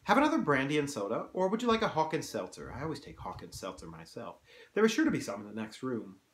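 A man reading aloud, voicing a petulant, languid young gentleman who brushes things off airily, in a room with some echo. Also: medium pitch, wildly swooping pitch, quick pace. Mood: airy. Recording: roomy echo.

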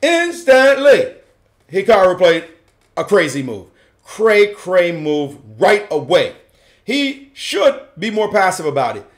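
A male chess grandmaster breaks down a game with playful, slangy commentary, his voice swinging up and down with lively energy. He sits a touch above the usual male pitch. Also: a little slow. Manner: playful, slangy, acts out the players' thoughts.

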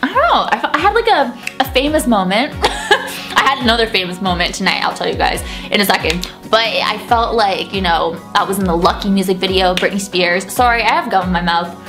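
A woman's voice: medium pitch, expressive, fairly quick, over music. A young woman in her twenties talking to camera in a gushing, giggly, breathless way, tired after a night out. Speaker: vlogger. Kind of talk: casual chat to camera. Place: indoors at night after an event.

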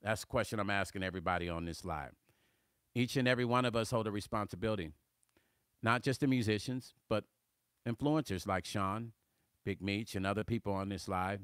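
A middle-aged man with a smooth, resonant voice talks loosely on his live stream, reading out viewer comments. He gets animated, laughs easily and trips over repeated words when he's worked up. The sound is close and dry, with no room around it. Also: lowish voice, fairly quick, no echo. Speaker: musician hosting a livestream. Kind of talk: casual livestream chat reading comments.

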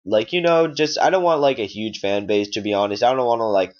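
A man's voice: lowish voice, a little fast. Angry young man ranting, lo-fi. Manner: frustrated, rambling, swears a lot, many "like" fillers. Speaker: YouTube gamer. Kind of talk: angry rant to camera. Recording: dull lo-fi sound.

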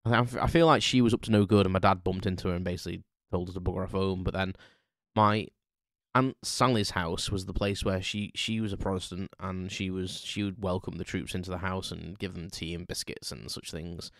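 A man's voice: deep voice, steady tone, brisk, a bit bright, no echo, studio quality. Rambling man hosting a podcast. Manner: rambling, chatty, lots of ums and restarts. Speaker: podcast host. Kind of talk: unscripted casual monologue.

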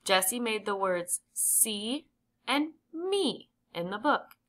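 A woman reading a children's chapter book aloud with clear, gentle emphasis. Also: medium pitch, lively intonation, moderate pace. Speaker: audiobook reader. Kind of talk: children's storybook narration.

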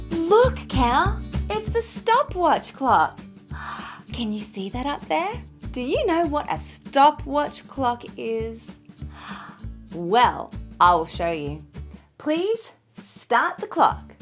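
A woman teaching children to sing, talking gently and encouragingly and singing moo notes over a piano. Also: sits high, sing-song, takes it slowly. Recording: piano music behind. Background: piano keyboard.

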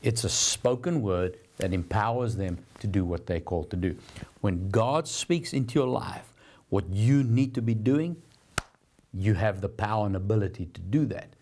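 A man's voice: lowish voice, expressive, normal speed, darkish tone, a little hiss or hum. A man hosting a televised Bible teaching program, preaching in an earnest, encouraging, conversational way.

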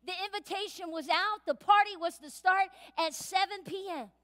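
A woman pastor preaching a sermon in a church, lively and playful, acting out voices as she goes. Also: very high voice, normal speed. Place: church sanctuary. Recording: reverberant church hall.

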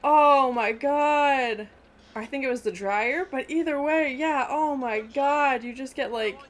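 A woman hosting a casual movie reaction, chatting and exclaiming loudly at scary scenes. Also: high voice, moderate pace, slight background noise, poor audio. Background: movie soundtrack playing.

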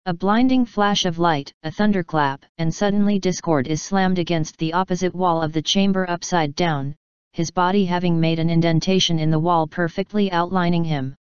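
A woman reading a story aloud as a fanfiction narrator, steady and even. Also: lowish voice, moderate pace, clear, resonant tone, no echo, dull audio. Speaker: fanfiction reader.

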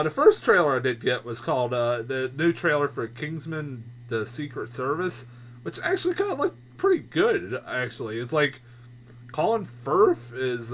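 A man rants about movies in a loose, casual way, cursing freely and breaking into disbelieving laughs. His pitch swings widely as he gets worked up. His voice sits at a middling pitch for a man. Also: a bit bright, slight background noise. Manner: profane, exasperated, laughs in disbelief. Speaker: film reviewer. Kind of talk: casual ranting review.

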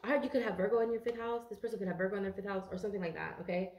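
A woman's voice: mid-range voice, steady tone, racing, darkish tone, echoey room. A tired woman doing a casual tarot reading for viewers, chatty and rambling and swearing freely. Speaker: tarot card reader.

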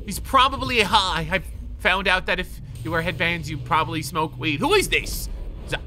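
High-pitched guy yelling and groaning thru game pack openings, swears a lot, voice jumps all over. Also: moderate pace, faint music behind. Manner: excitable, groaning, swearing, shouting at cards. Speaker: YouTuber.

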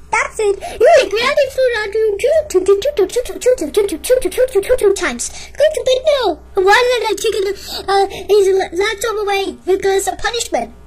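A woman voicing a stern, easily outraged parent in a cartoon who scolds her son. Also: very high-pitched.

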